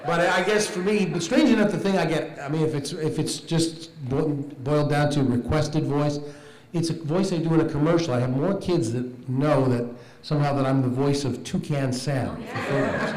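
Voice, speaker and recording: A man answering questions as a voice-actor panelist, joking and animated, at a large convention hall on a handheld mic. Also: on the high side, normal speed. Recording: echoey hall with audience.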